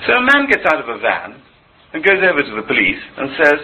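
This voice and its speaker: Man, interview guest, lively swooping voice, very bright and sharp tone, stumbles over repeats. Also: fairly high pitch, a little fast, a little hiss or hum, rough recording. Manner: animated, with frequent stammered repetitions. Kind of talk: impassioned conversational interview.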